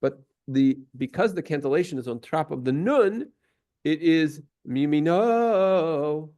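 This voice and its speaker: This man's voice sits on the high side, animated and a little mellow, moving at a normal speed. He teaches a patient lesson on Torah cantillation at a synagogue, singing brief examples from time to time.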